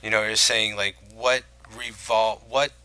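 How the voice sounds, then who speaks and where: A man's voice: on the low side, fairly even intonation, a little slow, pushed and bright, clean tone, no echo, low-quality recording. A man co-hosting a podcast, chatting casually about films and his own memories, rambling with lots of fillers and restarts. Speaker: podcast co-host. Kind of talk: casual film chat.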